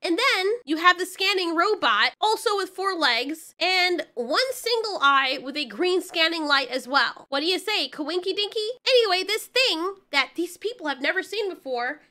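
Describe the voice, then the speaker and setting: A woman with a very high, bright voice talks through a show review in a loose, joking way. She swears freely and keeps the energy up. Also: expressive, normal speed, hardly any pauses. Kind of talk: casual video review.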